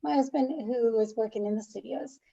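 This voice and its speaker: A middle-aged woman from upstate New York recounts her past as an interview guest. Her voice is mellow and a bit higher than most, and she tells it in an animated way, often laughing. The sound is slightly dull and lo-fi. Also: a little fast, gravelly. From Albany, New York. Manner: animated storyteller, laughs often, acts out dialogue. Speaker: makeup artist, podcast guest. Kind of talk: storytelling interview.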